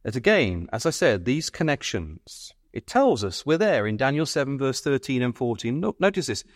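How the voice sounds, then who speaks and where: A man's voice: mid-range voice, sing-song, normal speed, dry recording, clean studio sound. A man preaching a sermon at a Bible school, earnestly pressing his listeners with repeated questions and stumbling over his words when stirred.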